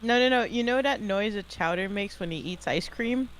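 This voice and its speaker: A woman's voice: mid-range voice, normal speed, crowd noise, low-quality recording. A woman on a voice call, joking playfully and restarting her sentences often. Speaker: friend on voice chat. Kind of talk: casual joking chat. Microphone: voice chat.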